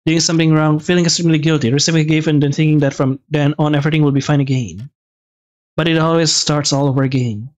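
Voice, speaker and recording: A man reading a visual novel aloud with casual asides, halting and restarting words. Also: a little high, steady tone. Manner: halting, restarts words, reads with some feeling.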